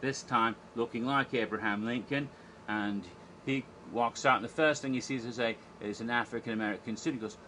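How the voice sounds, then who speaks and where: A man who documents theme park events gives an enthusiastic, rambling recap of a live show from memory, often using fillers and starting over. His mid-range voice is steady, brisk, bright, and forceful, with a little hiss or hum.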